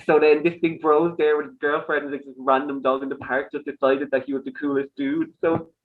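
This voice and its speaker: A man's voice: a little high, little pitch movement, brisk, narrow, tinny audio, slight background noise. A young man with an Irish accent chatting casually as a podcast guest, rambling and laughing often. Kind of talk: casual chat.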